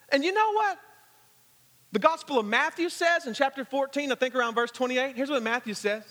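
Male guest preacher, high bright voice, animated storyteller, big reverberant church hall. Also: a little fast. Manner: animated storytelling with humor, acting out scenes. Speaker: guest pastor. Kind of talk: sermon. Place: church sanctuary. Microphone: handheld or stage microphone.

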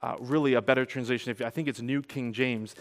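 A pastor's smooth voice in a reverberant hall. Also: male voice, medium pitch, fast talker. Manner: conversational, animated storytelling with swings in loudness. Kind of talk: sermon.

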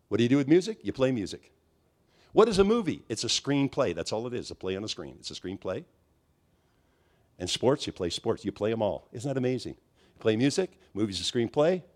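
A man preaching a charismatic sermon, telling stories with animated swings and climbing to high, near-shouted peaks.

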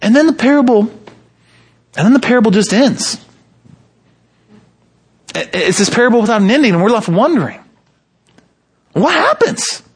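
High-voiced, animated male preacher. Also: husky. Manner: animated, swings from low and measured to high and emphatic, acts out quoted speech. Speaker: pastor. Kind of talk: sermon.

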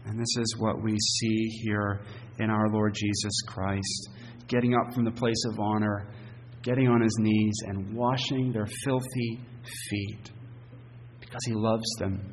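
A man's voice: fairly low pitch, flat delivery, measured pace. Guy preaching a sermon, earnest, leans on words hard, long echo, bit of hiss. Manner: earnest, emphatic preaching with fillers. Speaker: pastor. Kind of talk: expository sermon. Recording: long reverb, faint hiss.

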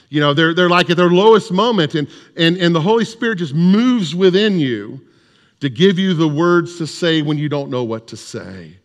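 Animated male preacher in a reverberant hall. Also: a little high. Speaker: chaplain and preacher. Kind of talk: Easter sermon with storytelling.

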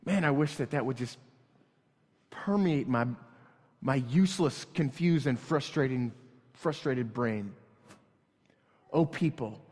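A man's voice: a little high, expressive, normal speed. Emphatic preacher, man, echoing hall. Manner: emphatic, repeats lines for stress. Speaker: pastor. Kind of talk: sermon. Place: church hall. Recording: long reverb in a church hall.

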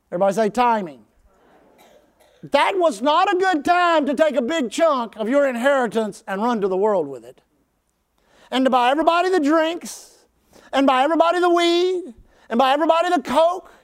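A male pastor preaching a sermon, calling on the congregation to answer back and rising to shouts at the high points. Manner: call-and-response with the congregation; fervent, conversational preaching.

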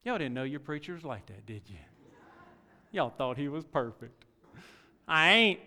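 A middle-aged man preaching a sermon in a folksy way, full of rhetorical questions and swinging from quiet asides to loud exhortation. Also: fairly high pitch, sing-song, normal speed. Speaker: pastor. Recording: long reverb of a large hall.

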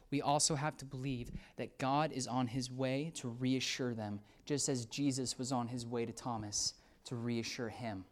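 A preacher delivering a sermon with a conversational, animated energy. The voice sinks low and quiet for reflective points, then jumps up loud and high in excited outbursts. Quoted characters are acted out with playful shifts of tone. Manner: lively, swings from hushed to excited outbursts, acts out quoted voices.

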